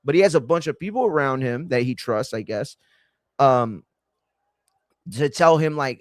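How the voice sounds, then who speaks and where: A man's voice: mid-range voice, animated, moderate pace, long pauses, no room sound, studio quality. Profane man ranting heatedly. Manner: profane, heated and frustrated, lots of filler and restarts. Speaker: wrestling and boxing podcast host. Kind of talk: casual ranting commentary.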